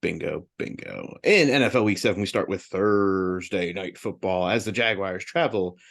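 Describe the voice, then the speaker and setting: A man with a fairly low voice co-hosts a sports betting podcast. He runs through his picks in quick, upbeat bursts in a casual chatty tone. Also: fairly bright tone. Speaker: podcast co-host reading betting results.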